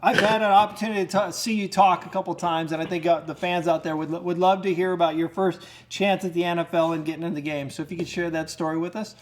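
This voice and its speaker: High-voiced male studio host. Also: steady tone, quick pace, hardly any pauses. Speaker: show host. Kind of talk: casual studio interview. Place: studio set.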